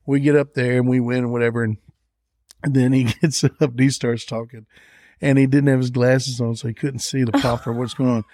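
A middle-aged man with a drawl spins a lively backstage anecdote for a podcast host. He slips into the voices of the people he quotes. His voice is mid-pitched and recorded dry, close to the mic. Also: a little fast, dry recording. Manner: animated anecdote-telling, acting out quoted voices. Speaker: songwriter guest. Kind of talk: storytelling in a podcast interview.

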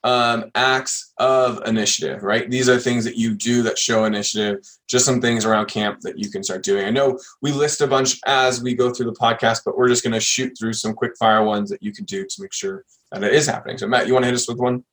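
Guy hosting a podcast, mid-pitched, earnest advice, keeps saying right?. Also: fairly even intonation, brisk, hardly any pauses, a bit bright. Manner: earnest, advice-giving, often tags "right?". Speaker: podcast host. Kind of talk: casual podcast chat.

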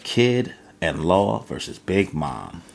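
A man's voice: low voice, expressive, takes it slowly, vocal fry. A man hosting a manga reaction video, reading panels aloud with loose, slangy asides. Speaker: manga reaction channel host. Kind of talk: casual reaction and read-aloud.

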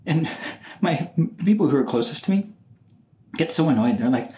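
A man's voice: on the high side, animated, moderate pace, long pauses, mellow, slight background noise. A man hosting his own solo podcast, talking casually and animatedly, often acting out what other people say. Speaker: podcast host. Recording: roomy echo.

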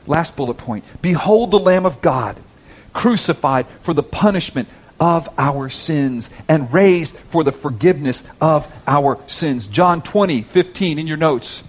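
A man preaching a sermon in church, swinging from hushed, whispered lines to loud, high, fervent reading of scripture. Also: expressive, moderate pace. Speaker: pastor.

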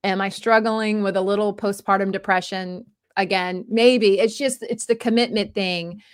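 A woman's voice: mid-range voice, steady tone, moderate pace, clean tone, dry recording, studio quality. A woman in her forties hosting a casual personal monologue, rambling and self-deprecating. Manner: rambling and self-deprecating, with many restarts and fillers.

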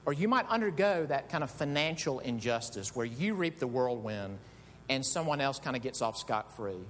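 Animated male preacher in an echoey hall. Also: moderate pace. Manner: animated storytelling, shifts between quiet asides and loud shouts. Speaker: pastor. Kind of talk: sermon. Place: church sanctuary. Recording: echoey hall with faint rumble.

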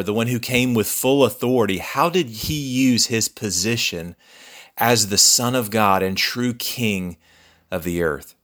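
A man preaching a sermon as a pastor, earnest and measured, repeating key phrases for emphasis. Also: on the low side, a bit bright.

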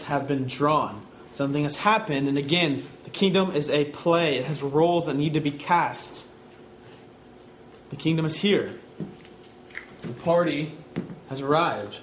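A man preaching a sermon, building to loud, high-pitched emphasis as he drives his points home. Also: slight background noise, rough recording. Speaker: pastor.

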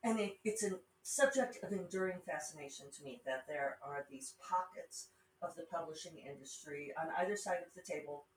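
A woman's voice: deep voice, moderate pace, a little hiss or hum. Chatty woman with a Rocky Mountain accent. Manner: chatty, digressive, wry asides. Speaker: podcast host and self-published author. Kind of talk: casual rambling monologue. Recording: roomy sound from a distance with faint ambience.

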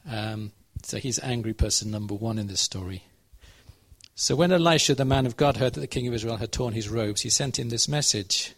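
A man gives a sermon in a relaxed, conversational way, retelling a Bible story and pausing to check in with his listeners. His pitch sits at an ordinary middle level. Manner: conversational, asks the audience questions. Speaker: preacher.

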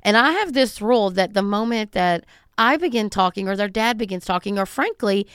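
A woman's voice: medium pitch, animated, brisk, fairly bright tone, clean tone, no echo, studio quality. A middle-aged woman from the States, hosting a solo podcast in a conversational, emphatic way. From Southern United States. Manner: conversational, emphatic, acts out callers. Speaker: podcast host.

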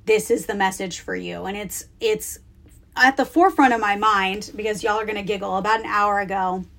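A woman in her thirties hosting a podcast, talking casually from a closet at home in a chatty, animated way with lots of fillers. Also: medium pitch, vocal fry. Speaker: podcast host. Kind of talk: casual solo podcast talk.

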